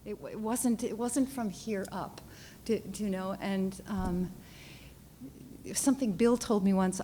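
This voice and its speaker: A woman painter tells a story at a panel talk, her voice mellow and soft-edged. She talks haltingly and earnestly, often restarting and repeating words. A light hiss sits under the lecture-hall recording. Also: medium pitch. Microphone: handheld or podium mic, often off it.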